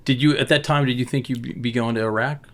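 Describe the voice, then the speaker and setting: A man's voice: mid-range voice, steady tone, fast talker, a bit bright, a little hiss or hum. A man hosting a podcast, asking short questions and giving brief backchannels. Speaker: podcast host. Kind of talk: interview questions.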